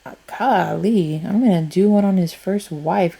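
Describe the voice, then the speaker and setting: Doing a casual tarot reading, a woman speaks at an unhurried, drawn-out pace in a slightly low voice that's mellow, dark and gravelly, with a little hiss or hum in the audio. She thinks aloud in a rambling way, frank in her speech and swearing freely.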